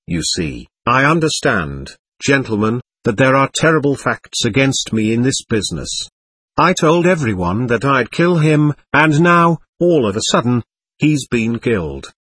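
A man's voice: medium pitch, big pitch swings, unhurried, a bit bright, slightly rough, no echo, heavily acted. A man reading the part of an agitated, proud young man under questioning, speaking in an impassioned, pleading way. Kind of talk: audiobook character reading.

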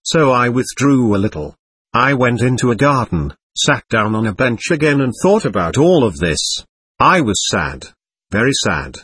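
A man's voice: mid-range voice, sing-song, moderate pace, fairly bright tone, slightly rough, dry recording. A man reading a first-person story aloud in a plaintive, earnest way. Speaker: narrator.

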